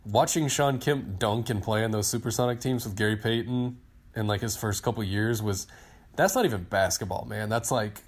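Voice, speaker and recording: A man in his thirties on a podcast, telling a long story in a casual, excited, rambling way and acting out what people said. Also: fairly low pitch, moderate pace, slightly rough. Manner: excited, rambling storyteller who acts out quotes. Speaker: podcast co-host, team digital director.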